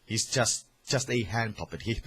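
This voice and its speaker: A man's voice: fairly low pitch, moderate pace, fairly bright tone, husky. Finnish man ranting, heated and profane. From Finland. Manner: profane, heated, rambling with restarts. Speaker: vlogger. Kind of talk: opinionated political rant to camera.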